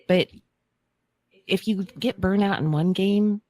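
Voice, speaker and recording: A woman's voice: medium pitch, slow, dark tone, no echo. A woman co-hosting a podcast, chatting casually and hedging her points. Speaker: podcast co-host. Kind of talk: casual chat.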